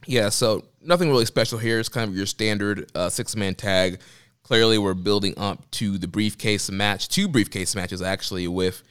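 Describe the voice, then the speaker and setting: An easygoing male co-host recaps the action in a relaxed, casual way. His voice is very deep and sounds smooth and resonant. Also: normal speed. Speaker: podcast co-host. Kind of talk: casual wrestling chat.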